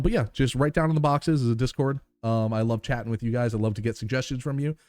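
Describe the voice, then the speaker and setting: A man's voice: mid-range voice, dark tone, dry recording. A man streaming live and chatting casually with his viewers, thankful and rambling with lots of fillers.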